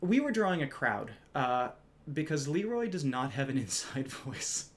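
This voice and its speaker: A man's voice: medium pitch, very animated, normal speed. Man, casual storytelling, wry, conversational, slightly smug, casual swearing. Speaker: retail store clerk telling a story.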